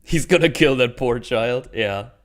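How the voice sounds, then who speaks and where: A man hosting a casual movie podcast, laughing often and acting out scenes in quick silly voices. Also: mid-range voice, expressive. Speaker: podcast host. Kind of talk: casual movie-review chat.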